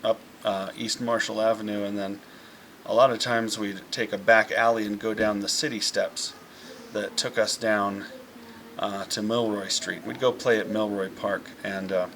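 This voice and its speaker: A man's voice: fairly low pitch, little pitch movement, moderate pace, fairly bright tone, a little hiss or hum. A man speaking a fond, rambling message to his mother about a childhood memory, with many fillers. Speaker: eldest son sharing a memory. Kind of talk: heartfelt message to camera.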